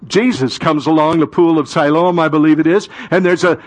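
Male pastor, impassioned sermon delivery, voice pitched a bit high, surges into loud peaks. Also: fairly even intonation, brisk, few pauses.

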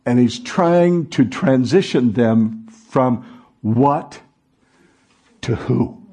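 A man's voice: medium pitch, lively intonation, very slow, warm tone. A man preaching a sermon to a congregation, asking the room call-and-response questions. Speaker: pastor.

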